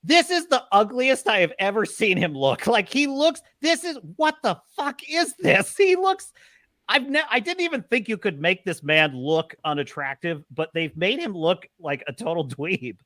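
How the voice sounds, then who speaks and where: Animated ranting male stream host. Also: sits high, moderate pace, hardly any pauses. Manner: animated, swearing, exclaiming. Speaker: host of a live show. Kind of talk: live-stream commentary rant.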